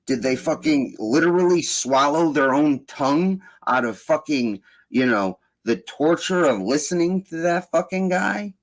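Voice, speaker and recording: Man host, casual voice chat, lively swearing rants, pitch jumps around. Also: a little slow, hardly any pauses. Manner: profane, animated ranting.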